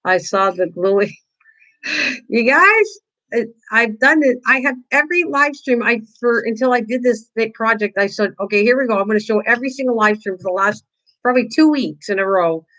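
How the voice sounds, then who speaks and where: Older woman, craft host, chatty and teasing, slightly high voice, live-stream demo. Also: expressive, normal speed, pushed and bright, poor audio. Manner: chatty, teasing, answers viewers' chat, laughs often.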